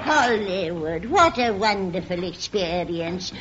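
Elderly faded film star: slow, grand and wistful, on a very noisy old recording. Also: female voice, on the low side, lively intonation. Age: older. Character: aged vain former film star reminiscing. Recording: noisy lo-fi vintage radio recording.

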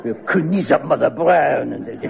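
A man's voice: mid-range voice, lively intonation, measured pace, vocal fry, crowd noise. An actor playing a scornful male French official with a thick French accent, in a comedy sketch. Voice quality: theatrical, shouty bursts. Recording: lo-fi broadcast recording.

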